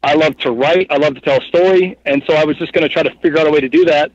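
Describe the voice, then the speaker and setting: A man in his thirties, a podcast guest telling stories casually, rambling with lots of fillers in an animated way. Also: fairly high pitch, racing, dry recording. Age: 30s. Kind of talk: casual storytelling interview. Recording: dull, muffled podcast audio.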